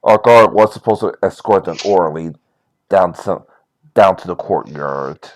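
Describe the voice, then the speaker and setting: A man playing in a tabletop game who talks haltingly, restarting often. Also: low voice. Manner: halting, with many restarts and fillers. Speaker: player.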